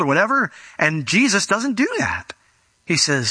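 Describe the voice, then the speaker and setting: A man's voice: fairly high pitch, moderate pace, slightly rough, no echo. A man preaching a conversational sermon, acting out scenes as he retells stories. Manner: conversational, animated, acts out scenes. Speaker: pastor. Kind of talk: sermon with storytelling.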